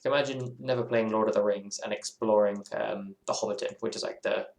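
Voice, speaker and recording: A man's voice: on the low side, fairly even intonation, brisk, vocal fry, echoey room. A man streaming a game, chatting casually in a rambling, musing way that keeps circling back on itself. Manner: rambling, musing, self-interrupting. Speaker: gaming streamer. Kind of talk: casual live-stream chat while playing.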